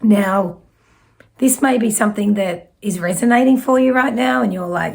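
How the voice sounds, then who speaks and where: Woman, Australian origin, psychic medium, spiritual message reading, slow and gentle, trailing soft phrases, gravelly, mid pitch.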